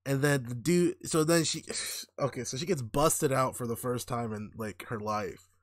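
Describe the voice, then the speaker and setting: A man's voice: medium pitch, moderate pace, no room sound, clean studio sound. A man co-hosting a casual podcast, swearing a lot, joking and laughing as he recaps a show. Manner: crude, laughing, roasting. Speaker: podcast co-host. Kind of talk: casual chat.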